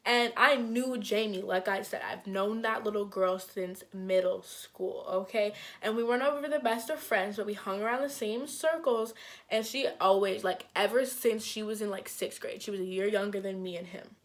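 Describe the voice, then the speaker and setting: A young woman telling a storytime vlog in casual chat, acting out quoted lines with big jumps in her voice and lots of "like" fillers. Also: moderate pace. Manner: animated, acts out quotes with big pitch jumps; frequent "like" fillers, conversational. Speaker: vlogger.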